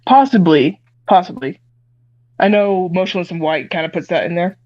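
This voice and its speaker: A woman's voice: lowish voice, normal speed, darkish tone. A woman musician guest on a video call, giving short, offhand replies. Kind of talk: casual online interview. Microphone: headphones on a video call. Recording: dull lo-fi call audio.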